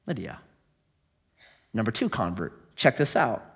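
A man preaching a sermon in a conversational storytelling way, swinging from animated bursts to hushed, low asides. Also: unhurried, vocal fry. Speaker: pastor.

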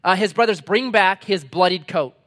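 A middle-aged man preaching a sermon as pastor, swinging between loud punchy lines and quiet low asides, reading scripture slowly and deliberately.

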